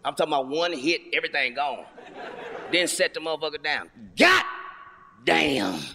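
A man performing stand-up comedy, profane, loud and animated in his storytelling. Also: on the high side, moderate pace, vocal fry, a little hiss or hum. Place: large venue with audience. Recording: live hall with loud crowd.

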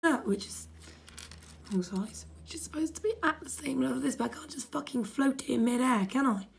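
A woman's voice: sits high, fast, gravelly, slightly rough. A woman vlogging with exasperated, sweary commentary, often muttering under her breath. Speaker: video creator. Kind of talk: frustrated casual vlog commentary.

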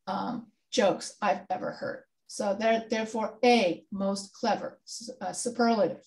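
A woman's voice: medium pitch, steady tone, a little slow, vocal fry, hardly any pauses, a little mellow. A woman instructor leading an online grammar review, patiently quizzing students with questions. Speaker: writing instructor. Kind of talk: online class session.

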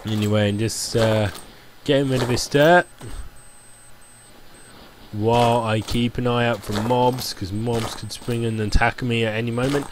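A man's voice: mid-range voice, steady tone, measured pace, pauses often, background noise. A man giving casual, rambling commentary while playing a building game, chatty and full of "like" fillers. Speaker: gameplay commentator.

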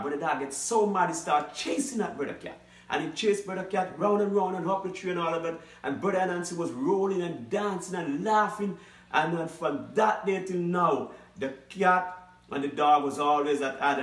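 A man hosting his show, telling a folktale in a lively, animated way. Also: on the high side. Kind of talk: holiday folktale storytelling. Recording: roomy echo, mic at a distance.

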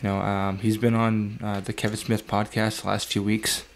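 A man co-hosting a podcast in casual chat, speaking in a measured way with frequent "uh" and "um" pauses. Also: on the low side, flat delivery, gravelly, a little hiss or hum. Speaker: podcast co-host.

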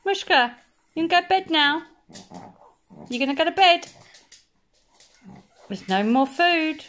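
A woman's voice: sits high, animated, slow, long pauses, fairly bright tone. A woman talking to her pet dogs, mock-scolding them in a sing-song baby-talk voice. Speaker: dog owner.

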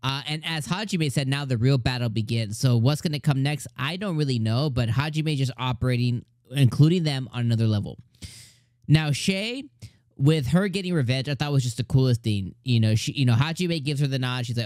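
An excited man reviews an anime episode in a loose, chatty monologue, acting out the characters' lines as he goes. His voice sits at a middle pitch. The sound is dry and close, with no room echo. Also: a little fast. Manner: enthusiastic, acts out character lines.

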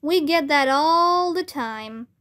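A woman's voice: sits high, lively intonation, takes it slowly, a bit bright, heavily acted. A woman voicing a dry, teasing male ghost in a children's story.

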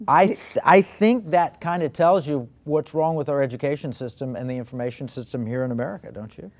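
A man's voice: on the high side, brisk, a little mellow. Man hosting, telling a story. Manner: anecdotal, conversational. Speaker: host. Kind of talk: conversational interview, telling a story.

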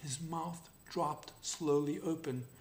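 A man narrating an animal fable in an even, unhurried storybook reading. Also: fairly high pitch.

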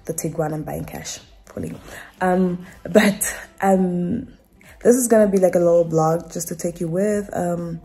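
A woman's voice: on the low side, unhurried, mellow. A young Namibian woman with a Namibian accent, talking to camera at home in an emotional, rambling vlog. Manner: emotional, rambling, fillers and restarts. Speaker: vlogger. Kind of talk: casual vlog talk to camera. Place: at home indoors.

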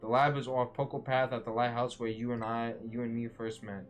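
Man reading a sulky teen boy, game dialogue, grumbling, mid pitch, faint music behind. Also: flat delivery, fairly quick, lightly acted. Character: moody teenage boy, bitter about his absent mother.

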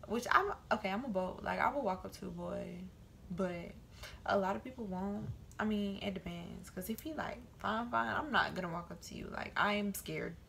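A young woman vlogging casually to her camera, telling animated stories and acting out the voices of the people in them. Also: mid-range voice, moderate pace, creaky, slight background noise. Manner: animated storytelling, quoting voices.

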